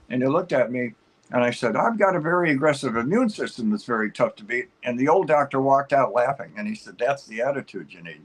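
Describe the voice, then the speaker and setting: A man's voice: on the low side, slightly rough, poor audio. A man guest on a talk show, telling a long personal story in an upbeat, rambling way, full of fillers and restarts.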